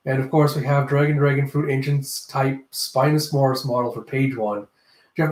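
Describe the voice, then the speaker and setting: A man's voice: mid-range voice, fairly even intonation, a little fast, a little mellow. A man casually reviewing a comic chapter, rambling and correcting himself as he goes. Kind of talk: casual reaction commentary. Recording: echoey room.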